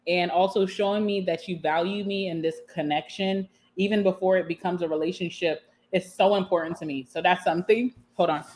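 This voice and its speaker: A young woman vlogger talking casually and candidly to camera while eating, sassy and quick to laugh. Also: fairly low pitch, fairly even intonation, a little mellow. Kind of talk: casual mukbang chat to camera.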